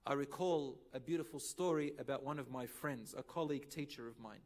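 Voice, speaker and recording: A man delivering a sermon in English with Arabic phrases mixed in, telling stories and acting out the dialogue with sudden loud rises. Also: mid-range voice, brisk. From Lebanon. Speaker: preacher. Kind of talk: sermon with storytelling.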